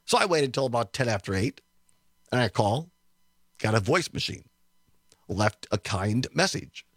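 A man hosting a radio talk show, telling a story in a chatty, animated way, chuckling often and acting out what people said, from a studio. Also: mid-range voice, normal speed, no echo. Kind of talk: storytelling chat on air.

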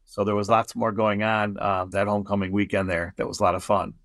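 A man hosting a casual radio sports show, chatty and quick to laugh at his own slips. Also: on the low side, flat delivery, fairly bright tone, no room sound, studio quality.

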